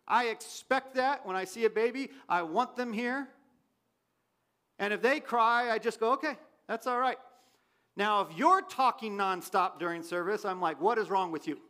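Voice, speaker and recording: A pastor preaching a sermon in a church, his voice swinging from loud questions to quiet asides. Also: high-pitched. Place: church sanctuary.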